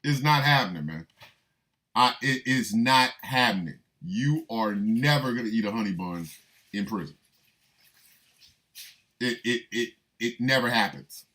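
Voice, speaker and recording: An older man hosting a radio show, riffing in an animated, rambling comic monologue full of emphatic repetition. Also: medium pitch, measured pace, pauses often.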